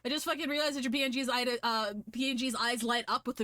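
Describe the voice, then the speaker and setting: A woman's voice: fairly high pitch, fairly even intonation, fast, few pauses, bright, forceful tone, no room sound, studio quality. A woman streamer giving casual gaming commentary, profane, blunt and self-deprecating. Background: game music.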